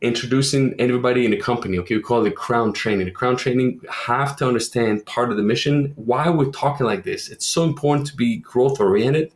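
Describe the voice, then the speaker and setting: A man's voice: medium pitch, a little fast, few pauses, reverberant. A man from Quebec, a roofing company owner, talking in a casual podcast interview and acting out quoted voices as he tells stories. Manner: animated storyteller who acts out quoted voices.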